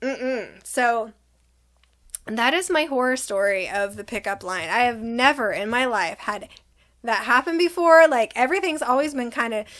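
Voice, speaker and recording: Young woman, high voice, exasperated storytime vlogger who acts out the quotes. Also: normal speed. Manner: animated, exasperated retelling with quoted dialogue. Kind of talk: casual storytime vlog.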